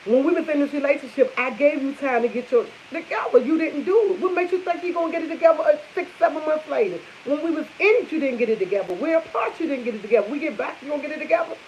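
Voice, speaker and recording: A woman's voice: high-pitched, animated, quick pace, hardly any pauses, a little mellow, slight background noise. Blunt, emphatic young woman vlogging. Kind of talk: casual chat to camera. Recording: dull lo-fi audio.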